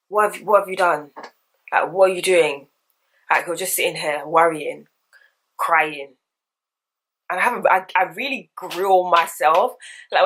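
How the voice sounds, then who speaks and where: Young woman, deep-set voice, candid slangy vlogger chat. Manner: candid, slangy, animated storytelling. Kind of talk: casual get-ready-with-me chat.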